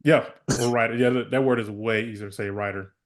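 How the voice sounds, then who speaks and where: A man's voice: lowish voice, fairly even intonation. A man with a Tulsa, Oklahoma accent co-hosting a podcast, friendly and a bit rambling as he talks. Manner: friendly, rambling, quick to laugh. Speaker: podcast co-host. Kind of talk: casual podcast chat.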